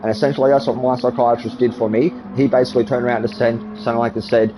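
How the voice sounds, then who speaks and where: A man's voice: mid-range voice, flat delivery, quick pace, background noise. Ranting man in his forties. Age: 40s. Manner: heated, ranting, heavy swearing. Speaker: gamer chatting with party. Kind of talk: casual voice chat while gaming.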